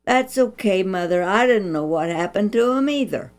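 A woman's voice: medium pitch, lively intonation, moderate pace, soft background music, close to an everyday voice. A woman voicing a timid, earnest young girl in a storybook reading. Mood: relieved.

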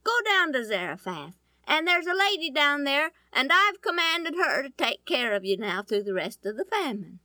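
A woman's voice: sits high, sing-song, moderate pace, hardly any pauses, sharp tone, no echo, exaggerated voice. A woman voicing God as a kindly, commanding male figure giving reassuring instructions in a told story.

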